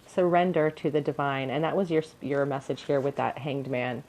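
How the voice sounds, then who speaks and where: A woman's voice: a bass voice, steady tone, normal speed, a little mellow, slight background noise, low-quality recording. A young woman giving an encouraging, earnest pick-a-card tarot reading to her viewers. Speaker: tarot reader.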